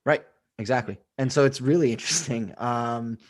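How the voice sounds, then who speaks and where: A man's voice: mid-range voice, normal speed. Laid-back, joking male podcast co-host. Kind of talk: casual sports chat.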